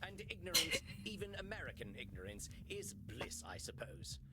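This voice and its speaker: Sneering old English vampire physician, game voice, swooping delivery. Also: male voice, on the high side, big pitch swings, moderate pace, sharp tone, full character voice. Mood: scornful. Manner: scornful, sarcastic, theatrical sighs. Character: haughty ancient English vampire doctor, male.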